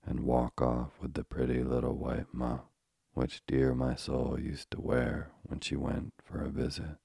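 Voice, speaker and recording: A man reading a storybook aloud in a measured, old-fashioned way. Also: very deep voice, monotone, creaky, dark tone, husky, dry recording, clean studio sound. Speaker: narrator.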